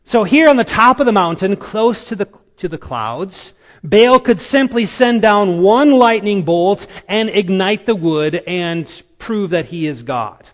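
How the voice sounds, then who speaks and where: A man preaching a sermon, telling a Bible story dramatically with emphatic pauses. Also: high-pitched, animated. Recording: reverberant hall.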